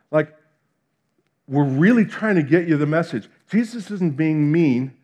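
A middle-aged man from New Jersey with a New Jersey accent, preaching a sermon in an animated way, acting out quotes and swinging between loud and hushed. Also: fairly high pitch, moderate pace.

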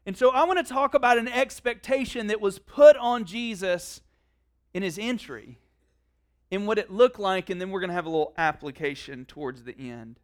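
A man preaching a casual sermon, reading scripture aloud and slipping into quiet conversational asides. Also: high-pitched, moderate pace. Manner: conversational, drops to quiet asides, many "like" fillers.

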